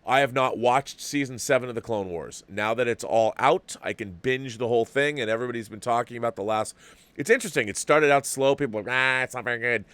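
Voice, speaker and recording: A man's voice: medium pitch, quick pace, a bit bright, no echo. A middle-aged man hosting a movie talk show, chatting casually and rambling with frequent restarts as he reads viewer messages. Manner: rambling, restarts with repeated words. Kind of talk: casual livestream commentary, reading viewer chats.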